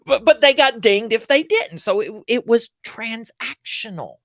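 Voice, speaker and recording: A man as a guest speaker, telling animated, earnest stories in conversation and acting out bits of dialogue. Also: very high-pitched, unhurried, no echo, studio quality. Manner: earnest, animated storyteller who acts out quoted dialogue. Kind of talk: storytelling conversation on a livestream show.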